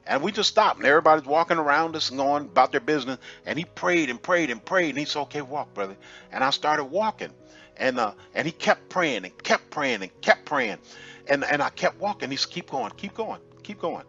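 Animated man telling a lively testimony. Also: a little high, fairly quick, gravelly, highs cut off, faint music behind. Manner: animated storytelling, laughs often, many restarts. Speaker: testimony vlogger. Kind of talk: casual spoken testimony.

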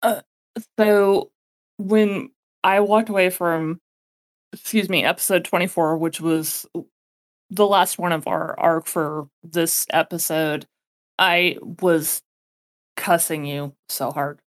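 A woman co-hosting a podcast, chatting casually in an articulate, expressive way. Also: on the low side, slow. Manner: articulate, expressive, bursts into laughter. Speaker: podcast co-host. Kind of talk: casual chat.

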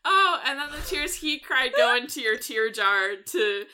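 A woman on a casual podcast panel, rambling through a silly story with giggles and quick acted-out voices. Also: high-pitched, lively intonation, bright, forceful tone, clear, resonant tone.

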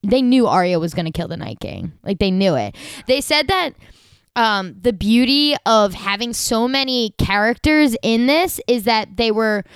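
Young female podcast co-host, bubbly and gushing, smooth voice, dry close sound. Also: a little high, expressive, moderate pace, no echo. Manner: bubbly, gushing, heavy use of "like". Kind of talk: casual chat.

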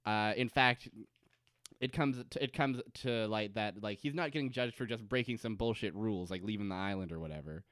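A man's voice: on the low side, fairly quick, fairly bright tone, clear, resonant tone, dry recording, clean studio sound. A man co-hosting a podcast, recapping a TV episode in a joking, profane way and acting out quotes in silly voices. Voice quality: profane, laughs often. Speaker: podcast co-host. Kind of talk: casual recap chat.

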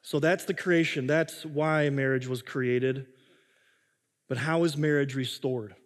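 A man in his thirties preaching a conversational, animated sermon, reading scripture aloud to a congregation. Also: mid-range voice, unhurried, big-room sound. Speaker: pastor.

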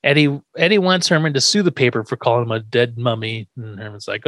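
A man's voice: mid-range voice, fast talker, hardly any pauses, no room sound. A man casually recapping a sitcom episode on a podcast, acting out the characters' lines as he goes. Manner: animated retelling, acting out quoted lines. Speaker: podcast host.

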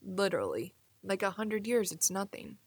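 A young woman hosting a solo podcast, musing casually with many "like"s and soft asides. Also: mid-range voice, sing-song, normal speed, slightly rough, no room sound. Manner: casual, musing, filler-heavy with frequent "like". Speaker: podcast host. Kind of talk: reflective solo podcast monologue.

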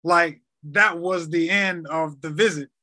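A man of thirty, a podcast guest, retelling a hard medical ordeal in a halting way, often repeating words. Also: fairly high pitch, fairly even intonation, bright, forceful tone. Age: 30s. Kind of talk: emotional personal story.

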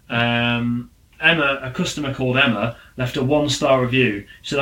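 A man's voice: mid-range voice, fairly even intonation, pushed and bright. Joking man in an echoey room. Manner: banter, swearing, quick asides. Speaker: podcast host. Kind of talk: casual chat.

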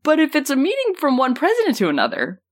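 A woman's voice: high voice, huge pitch swings, fast. A woman hosting a podcast, explaining news in casual, rambling chat full of fillers. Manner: rambling, lots of "um" and "like", laughs easily. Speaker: podcast host.

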